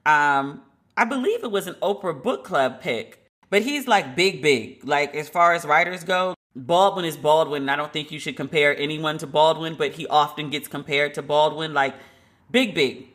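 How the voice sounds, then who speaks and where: A woman podcast host giving a casual, animated commentary monologue, laughing and emphatic as she talks. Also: low-pitched, normal speed.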